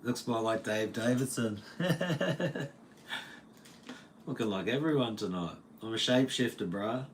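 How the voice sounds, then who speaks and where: Speaking briskly with few pauses, an Australian man chats with his livestream audience from home, reading comments. His lowish voice carries a joking, easygoing tone with lots of laughter and slang, over slight background noise.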